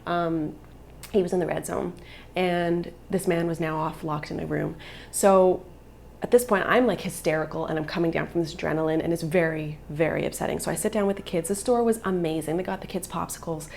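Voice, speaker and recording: A woman's voice: lowish voice, fairly quick, creaky, a little mellow, slight background noise. A woman in her thirties, a vlogger and mother, telling a personal story in an earnest, emotional way.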